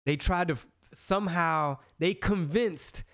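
A man hosting a podcast in casual political chat, animated and slangy, often restarting his sentences. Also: on the high side, a little slow. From Texas. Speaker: podcast host.

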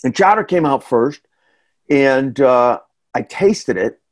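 A middle-aged man with a New England accent telling a folksy, chatty story in a casual talk, full of asides and quick questions to the listener. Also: mid-range voice, expressive. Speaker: storytelling reporter and guest speaker.

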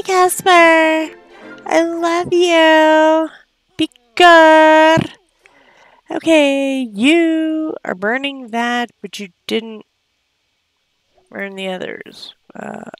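A woman's voice: a little high, gravelly, dry recording. A woman giving casual gameplay commentary, chatty, often gasping and cooing at the game characters. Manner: gasps often. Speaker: let's play host.

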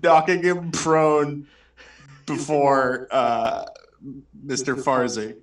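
Male guest writer, slow and giggly, mic a bit distant. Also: flat delivery. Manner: laughs often, pitches bits with self-aware asides. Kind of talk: improvised comedy writing.

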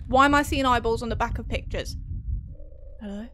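She's a gaming streamer talking herself through a horror game, swearing and shrieking when startled. Her voice runs high and fairly bright, fairly quick yet broken by long pauses.

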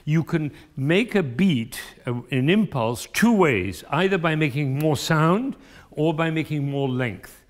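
Slow, emphatic man coaching a cellist. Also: on the high side. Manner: sings phrases to demonstrate, emphatic and expressive. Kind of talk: masterclass coaching. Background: cello playing.

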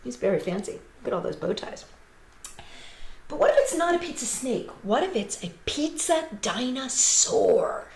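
Bright, lively woman reading to children. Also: a little high, normal speed, creaky, roomy sound, slight background noise. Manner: animated, sing-song storytelling with animal noises. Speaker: children's entertainer. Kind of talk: reading a picture book aloud to children.

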